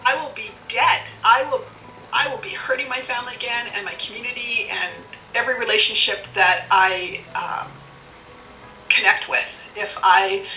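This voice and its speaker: This podcast guest has a bright, medium-pitched voice and tells her personal story bluntly and with lots of energy. She curses without hesitation and laughs a lot. Echo from the room, a far-off microphone, and faint background music color the sound.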